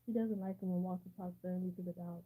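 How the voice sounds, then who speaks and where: A woman reading a novel aloud in a steady storytelling manner. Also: fairly low pitch, quick pace, slight background noise, poor audio. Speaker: audiobook reader.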